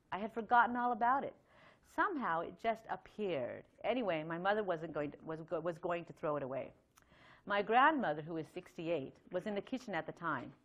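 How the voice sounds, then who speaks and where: Middle-aged woman, slightly low voice, chatty temple lecture, reads a letter aloud. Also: fairly bright tone. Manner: conversational, chatty with frequent fillers and light laughs. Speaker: temple speaker. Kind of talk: Sunday lecture.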